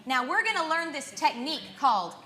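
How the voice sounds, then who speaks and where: A woman's voice: sits high, lively intonation, fairly quick, sharp tone, roomy sound. A young woman giving a live violin lesson to children, coaxing and encouraging them with questions. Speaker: violin teacher.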